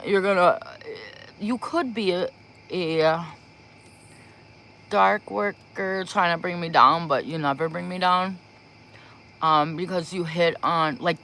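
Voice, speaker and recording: A slow-talking woman with a lowish, slightly bright voice rambles and giggles through casual livestream chat before doing spiritual readings. She speaks into a propped-up phone in a small room, and a little hiss or hum can be heard.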